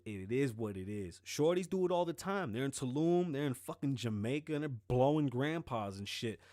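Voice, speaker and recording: A man's voice: mid-range voice, a little mellow, dry recording, clean studio sound. A man hosting his own show in casual solo commentary, rambling and joking with a lot of profanity. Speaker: show host.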